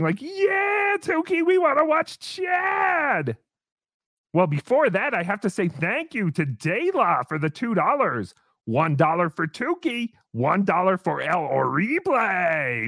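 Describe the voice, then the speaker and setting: Animated, congested man hosting a live stream. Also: sits high, gravelly, dry recording, clean studio sound. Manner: animated, reads out donations with exclamations. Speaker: podcast host.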